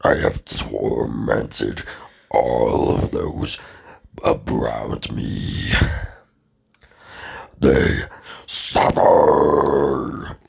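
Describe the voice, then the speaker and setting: A man voicing a menacing fart villain in a slow, ominous, theatrical way. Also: very deep voice, darkish tone, full character voice. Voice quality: gravelly. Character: menacing mighty fart, deep booming villain.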